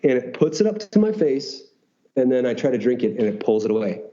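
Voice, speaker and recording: Dark-voiced man telling a story. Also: mid-range voice, brisk, highs cut off. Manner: animated, swearing, acting out dialogue. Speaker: guest, retreat founder. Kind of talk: storytelling in a podcast interview.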